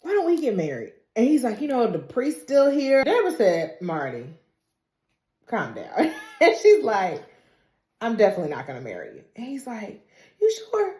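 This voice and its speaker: A woman recapping a TV episode in casual speech with a dialect, acting out the characters' lines with laughter. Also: brisk. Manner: animated retelling, acting out characters' lines with big pitch jumps and laughs. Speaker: recap vlogger. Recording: echoey room.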